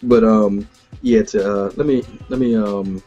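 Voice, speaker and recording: Podcast co-host, man in his thirties, mellow and husky, over a dull lo-fi line. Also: fairly low pitch, a little slow, faint music behind. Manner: animated storyteller who laughs often. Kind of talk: casual sports chat.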